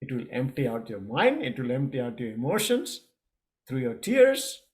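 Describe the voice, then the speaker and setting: A middle-aged man coaching a yoga lesson in a casual, halting way, with many fillers and restarts. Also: mid-range voice, huge pitch swings, a little mellow.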